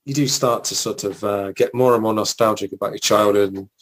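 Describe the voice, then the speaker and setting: On a poorly recorded podcast, a male co-host from England chats casually, spinning long nostalgic tales peppered with fillers. He talks a little fast, his voice on the low side and steady in tone.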